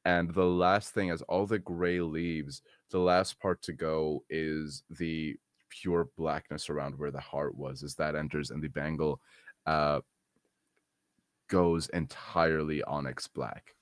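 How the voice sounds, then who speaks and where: A man narrating as game master of a tabletop game, with a slight lisp and relaxed, descriptive delivery. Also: rumbling low, slow pace, no echo, studio quality.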